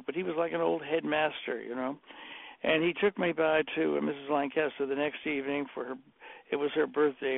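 An older man, a decorator telling rambling, animated anecdotes and acting out the quotes in a casual chat. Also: a little high, vocal fry, no room sound. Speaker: interior decorator guest. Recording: dry tinny phone-like audio.

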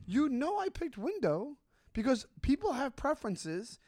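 A man's voice: very high-pitched, measured pace, no echo. A young man with a Long Island accent, co-hosting a casual podcast chat and acting out mocking voices. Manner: animated, acts out mocking voices. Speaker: podcast co-host.

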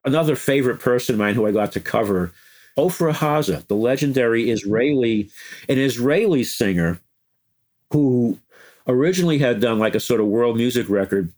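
An older man telling animated, chuckling stories as an interview guest, slipping into quoted voices. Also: mid-range voice, moderate pace. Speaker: interview guest, former music news editor. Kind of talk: anecdotal interview storytelling.

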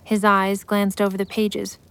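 A woman giving scripted story narration in a steady, measured way. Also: medium pitch, creaky, smooth.

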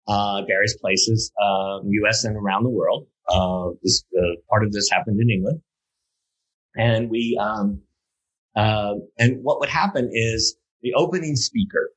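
A man appears as an interview guest on safety culture, his voice fairly low, a bit bright, and slightly rough, with poor audio quality. He tells a story loosely, full of fillers and restarts, before building to emphatic points.

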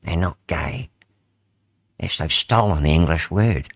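A man, chiming in on talk radio with blunt, deadpan one-liners. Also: deep voice, a little slow, no room sound, studio quality. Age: 60s. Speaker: radio co-host. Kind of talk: casual radio banter.

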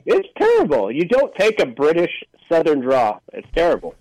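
A man's voice: on the high side, huge pitch swings, normal speed, darkish tone, rough recording. A man co-hosting a casual movie review panel, reading plot summaries aloud and joking with the others. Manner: reads synopses aloud, joking.

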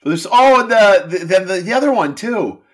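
Man, casual chat, lively pitch, a bit high, bursts into put-on voices. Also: a little fast. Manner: animated, quotes lines in put-on voices. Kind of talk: casual chat about TV shows.

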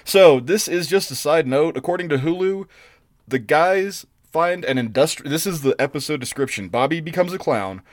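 A man co-hosting a podcast, chatting casually and telling stories in an animated, swearing way. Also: a little high, moderate pace, no room sound, studio quality. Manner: animated, profane storytelling with restarts. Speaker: podcast co-host. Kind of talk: casual chat.

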